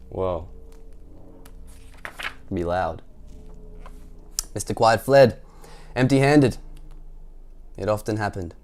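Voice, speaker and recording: A man reading a picture book aloud in a playful, animated way, often asking the listener questions. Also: on the low side, a little hiss or hum. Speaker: storytime reader.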